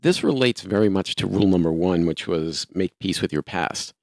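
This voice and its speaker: A man in his sixties with a low, gravelly, darkish voice co-hosts a casual talk show at a moderate pace. Recorded in clean studio sound with no room echo, he offers practical, plain-spoken advice.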